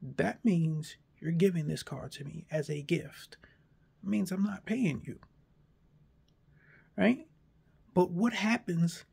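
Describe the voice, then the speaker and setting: Gravelly, animated man arguing a point. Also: fairly high pitch. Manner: animated, argumentative, acts out imagined dialogue. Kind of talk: casual monologue to camera.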